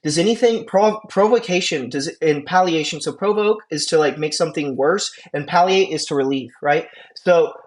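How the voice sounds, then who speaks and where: A young man lecturing an EMT class, animated and conversational, often checking in with the students. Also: on the high side, normal speed, few pauses. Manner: animated, asks the class rhetorical questions and checks in with okay. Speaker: EMT instructor.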